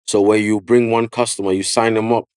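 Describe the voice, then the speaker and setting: A man with a London accent, a barber telling his story in a casual podcast interview, slangy and animated, full of "yeah" and "you know what I mean". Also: on the low side, a little fast, clear, resonant tone, no echo, clean studio sound. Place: podcast studio.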